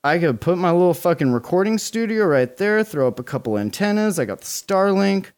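A man in his forties co-hosting a podcast, chatting casually, excited and swearing a lot. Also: high-pitched, fairly quick, smooth. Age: 40s. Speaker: podcast co-host.

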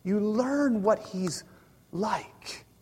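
A man's voice: high-pitched, lively intonation, extremely slow, darkish tone, breathy edge. A man in his forties preaching a sermon in a church, talking casually with the congregation and asking them questions. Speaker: pastor. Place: church sanctuary. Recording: hall reverb.

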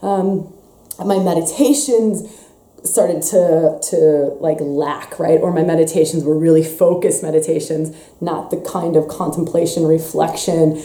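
A young adult woman giving a casual spiritual teaching, lively and expressive, slipping into playful voices for quotes. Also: low-pitched, unhurried. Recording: echoey room.

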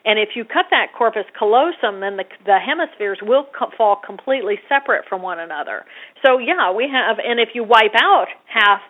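A woman guest explaining ideas in a conversational way. She gets animated and acts out little scenes with a rising voice. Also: on the high side, a little fast, slightly rough. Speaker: guest brain scientist. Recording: tinny phone-line audio.

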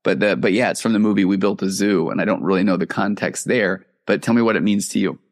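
Deep-voiced chatty male podcast host. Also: fairly even intonation, fast talker. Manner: chatty, eager, talks over his guest. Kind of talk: casual podcast interview.

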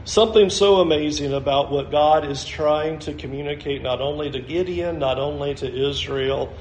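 A man preaching in a roomy church with a strong echo. His voice sits high for a man, and he stays animated throughout, laughing as he plays out each figure in the story. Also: moderate pace, slight background noise. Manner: animated, laughs often, acts out voices in the Bible text. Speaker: pastor. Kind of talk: sermon.

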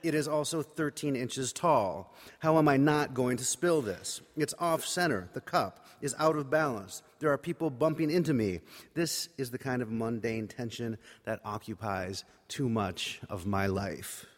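A man's voice: mid-range voice, a little slow. A man preaching by telling a personal story in a wry, conversational, self-mocking way. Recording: reverberant hall.

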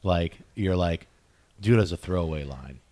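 A deep, low man talks casually as a podcast guest. He is relaxed and halting, and laughs at himself. The sound is dry and close. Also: no room sound. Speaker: guest, animation director.

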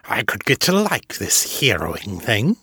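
A man's voice: fairly low pitch, wildly swooping pitch, unhurried, bright, forceful tone, slightly rough, no room sound, exaggerated voice. A man voicing a cheerful, chatty tentacled male creature. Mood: breezy. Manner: breezy, chatty.

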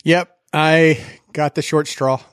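A man's voice: a little high, steady tone, slow pace, fairly bright tone, clear, resonant tone, dry recording, clean studio sound. A man co-hosting a podcast, rambling in casual chat with lots of filler words. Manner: rambling, filler-heavy with many "like"s. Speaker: podcast co-host.

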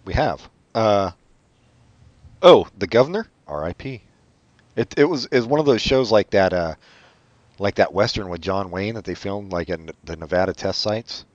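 A man co-hosting a podcast, chatting casually with sardonic, deadpan asides. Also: on the low side, moderate pace, no echo, muffled recording. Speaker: podcast co-host. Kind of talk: casual chat.

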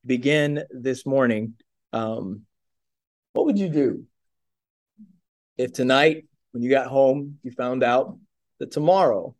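A man's voice: mid-range voice, darkish tone. A young man preaching a sermon in a conversational way, with many fillers and repeated rhetorical questions. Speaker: pastor.

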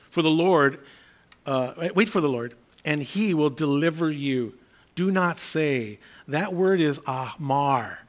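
A man with a slightly raised pitch preaching a sermon. He talks in a conversational way, slipping into the voices of imagined people as he explains verses.

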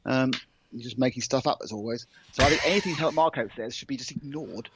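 A man's voice: mid-range voice, quick pace, a bit bright, a little hiss or hum. A man co-hosting a casual motorsport chat, sardonic and jokey, laughing often. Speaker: co-host.

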